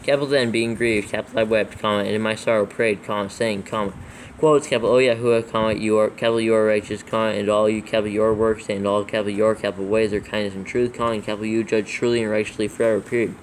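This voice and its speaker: A man's voice: lowish voice, flat delivery, fast, slight background noise, low-quality recording. A man reading scripture aloud for proofreading, steadily spelling out every punctuation mark and capital letter. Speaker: scripture reader in a proofreading session. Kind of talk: dictating text aloud with punctuation.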